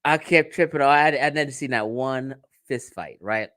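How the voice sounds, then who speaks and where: Man, livestream host, casual and profane, storytelling, mid-pitched voice, dry close sound. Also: normal speed, a bit bright, no echo. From United States. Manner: profane, storytelling, laughs often, addresses viewers directly.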